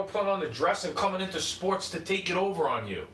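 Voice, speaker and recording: Livestream host, male, higher-pitched, combative and cursing, echoey room far off the mic. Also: expressive, fast, hardly any pauses, fairly bright tone, a little hiss or hum. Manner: profane, sarcastic, combative; mocking, mimics opponents. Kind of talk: unscripted rant.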